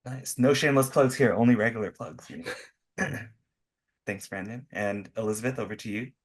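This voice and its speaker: A man hosting a virtual podcast conversation over a video call, talking haltingly with many fillers. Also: mid-range voice. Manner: hesitant, many fillers and restarts. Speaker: podcast host.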